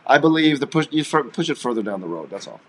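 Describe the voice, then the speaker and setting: A man co-hosting a live stream, chatting and joking in a playful, teasing, rambling way that swings between loud and soft. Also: mid-range voice, very animated, fast, slight background noise. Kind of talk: casual joking chat.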